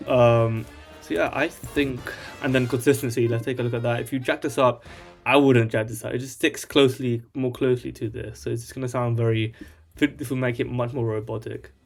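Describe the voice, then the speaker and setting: A man's voice: mid-range voice, steady tone, brisk, vocal fry, soft background music. A man hosting a casual screen-share tech tutorial, rambling through the steps and tagging his lines with "alright?".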